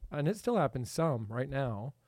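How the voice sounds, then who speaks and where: A man hosting a podcast in casual chat, animated and laughing often. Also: mid-range voice, normal speed, no echo. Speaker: podcast host.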